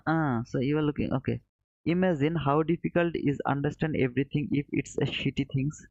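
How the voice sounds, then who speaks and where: Gravelly man teaching trading. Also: fairly high pitch, a little mellow, dry recording. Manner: friendly, calls viewers brother, thinks aloud while charting. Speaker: trading stream host. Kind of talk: live trading commentary reading chat. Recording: dull lo-fi dry sound.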